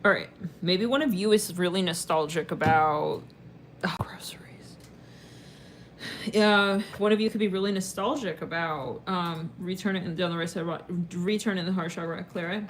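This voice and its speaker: Woman tarot reader, low-pitched, loose and rambling, slangy and a bit profane. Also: fairly quick, slight background noise. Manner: rambling and slangy, heavy on fillers, swears casually. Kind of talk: casual channeled tarot reading.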